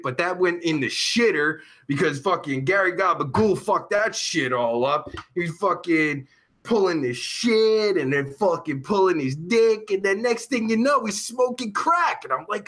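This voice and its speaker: A man hosting a live stream in crude, rowdy casual chat, shouting greetings to his viewers and sounding tired. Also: sits high, very animated, measured pace, breathy edge.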